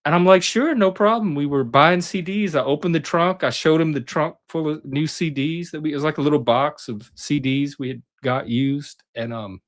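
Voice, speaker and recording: Telling personal stories casually on a talk panel, this middle-aged man animatedly acts out quoted voices. His voice is on the high side, at a moderate pace with hardly any pauses.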